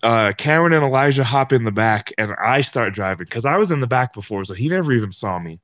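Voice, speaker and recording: A man's voice: mid-range voice, expressive, quick pace, fairly bright tone, no echo, highs cut off. Young male podcast guest, casual slangy storyteller, dry sound.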